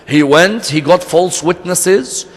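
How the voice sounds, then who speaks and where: Speaking slowly in a high-pitched voice, this man delivers a sermon built around a story. He is earnest and keeps posing rhetorical questions to the listeners, and the hall of the religious center where he speaks gives the recording an echoey sound.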